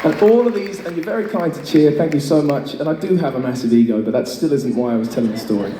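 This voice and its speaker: A man's voice: fairly high pitch, fast talker, a loud crowd, very noisy. A man in his thirties telling a chatty, self-mocking story on stage between songs, swearing freely, to a concert audience. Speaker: singer performing live. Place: large concert venue, in front of an audience. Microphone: stage mic through a PA. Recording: echoey, distant audience recording with loud ambience.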